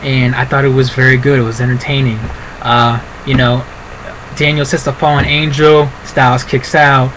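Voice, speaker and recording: A man's voice: medium pitch, flat delivery, normal speed, a bit bright, slight background noise, low-quality recording. A man giving a casual, rambling spoken review, full of fillers and asides. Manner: rambling, chatty, many fillers. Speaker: wrestling show reviewer.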